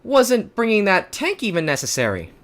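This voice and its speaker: A woman voicing animated game characters in quick back-and-forth banter. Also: mid-range voice. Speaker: voice actor for an animated game series.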